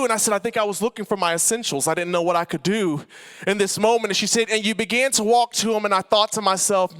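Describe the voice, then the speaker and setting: Young male speaker, high and bright voice, lively storytelling sermon, playful. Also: quick pace, smooth. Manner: animated, playful, shifts between loud and soft. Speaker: conference speaker. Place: large hall with live audience.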